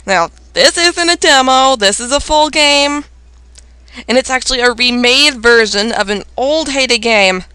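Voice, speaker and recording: A bubbly young woman hosts a game playthrough and chats as she reads the lines aloud. Her voice is high and lively and leaps all over the place. The tone is bright, and she talks at an unhurried pace. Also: smooth, no room sound. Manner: bubbly, tries voices for characters. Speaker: let's play host. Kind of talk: casual game commentary, reading dialogue aloud.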